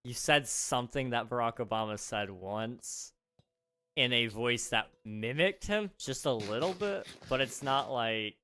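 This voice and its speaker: A man's voice: medium pitch, unhurried, bright, forceful tone, clear, resonant tone. A man chatting casually with his viewers on a live game stream, joking and repeating himself as he plays. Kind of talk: casual live-stream chat while gaming.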